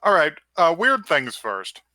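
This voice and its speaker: A man co-hosting a podcast, talking in a lively, swooping voice that jumps up and down as he jokes. His tone is bright, and the sound is dry and close. He often restarts his sentences. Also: on the high side, measured pace, no echo. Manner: joking, animated, with many restarts. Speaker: podcast co-host. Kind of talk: casual chat.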